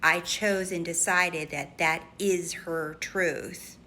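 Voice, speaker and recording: Bright-voiced woman telling a story. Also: fairly low pitch, slow, a little hiss or hum. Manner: animated, acts out quoted voices in a retelling. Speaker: lifestyle and manifestation creator. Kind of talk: casual storytelling to camera.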